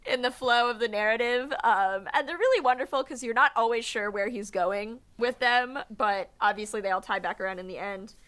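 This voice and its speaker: A woman's voice: fairly high pitch, fairly quick, few pauses, a bit bright. A young woman co-hosting a podcast, chatting casually and enthusiastically about books and laughing often. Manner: giggly, enthusiastic. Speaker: podcast co-host. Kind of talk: casual book discussion.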